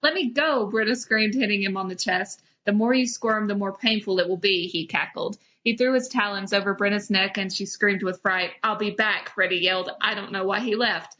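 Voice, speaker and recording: A woman's voice: mid-range voice, moderate pace, hardly any pauses, pushed and bright, highs cut off. A young woman hosting a comedy podcast, dramatically reading old fan fiction aloud and breaking into giggles. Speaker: podcast host.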